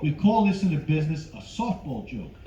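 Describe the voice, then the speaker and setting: A man's voice: a little high, sing-song, a little fast, mellow. Brash middle-aged male stand-up comic. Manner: brash, teasing crowd work. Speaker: stand-up comedian. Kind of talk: live stand-up comedy. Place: cruise ship show lounge. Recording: roomy, dull live stage sound. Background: audience laughter.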